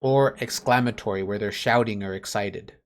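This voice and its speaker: A man's voice: lowish voice, normal speed, slight background noise. A man teaching an online class on a video call, patiently explaining grammar with everyday examples.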